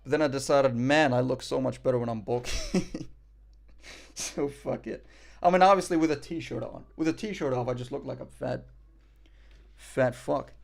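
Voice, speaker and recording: A man's voice: medium pitch, moderate pace, creaky, long pauses. A man streaming live, reacting in casual chat; cocky, joking, profane and rambling.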